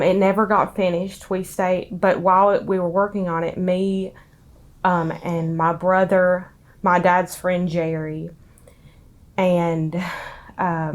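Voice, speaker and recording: A young woman, tearful and halting as she recounts her past in an interview. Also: on the low side. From Tennessee. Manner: halting, with many ums. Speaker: interviewee, daughter of a street preacher.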